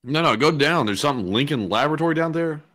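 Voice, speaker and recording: A man's voice: fairly high pitch, lively intonation, fast, fairly bright tone. A man co-hosting a show, chatting casually and making dry jokes, laughing at himself. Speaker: co-host. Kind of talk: casual banter on a live show.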